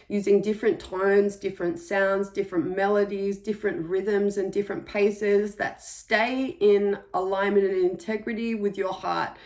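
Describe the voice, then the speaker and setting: A woman giving a spiritual energy reading for the month, talking in a gentle, reflective way with soft pauses. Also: medium pitch. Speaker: intuitive energy reader.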